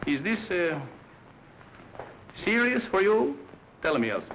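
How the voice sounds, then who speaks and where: An actor playing a boisterous immigrant gambler, speaking broken English and chuckling often, in 1930s film dialogue. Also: male voice, sits high, sing-song, a little slow, a bit bright, slight background noise, exaggerated voice, rough recording. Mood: puzzled.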